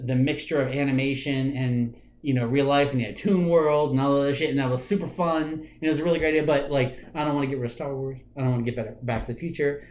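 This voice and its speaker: A man's voice: mid-range voice, a little mellow, a little hiss or hum. A man co-hosting a podcast, talking casually and animatedly, swearing and teasing his co-host. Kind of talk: casual chat. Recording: echoey room.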